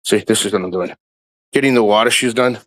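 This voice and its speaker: A man's voice: fairly low pitch, a little fast, a bit bright. A man chatting casually on a vlog outdoors near the water, rambling with lots of fillers, restarts and swearing. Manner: meandering, swears often, many fillers and restarts. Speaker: vlogger livestreaming.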